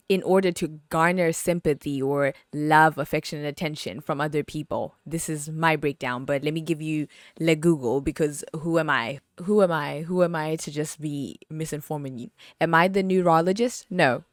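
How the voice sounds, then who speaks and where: A woman hosting a podcast, chatting about a film in an animated, exclaiming way with lots of fillers. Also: deep voice, no room sound, studio quality. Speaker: podcast host. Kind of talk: casual movie review chat.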